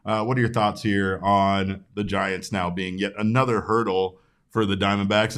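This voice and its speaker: A man's voice: lowish voice, a bit bright. Loose, irreverent man hosting sports talk. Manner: loose and irreverent, mixing swearing and jokes. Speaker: sports talk show host.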